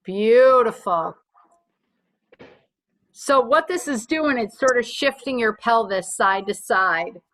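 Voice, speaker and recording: A woman instructor with a bright, slightly high voice guides a group through floor exercises. She calls out positions and reps one cue at a time and tells people it is fine if they can't manage a move. Her talk is clear and patient. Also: animated, a little slow, hardly any pauses, low-quality recording. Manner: clear step-by-step cues with gentle reassurance. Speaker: fitness instructor.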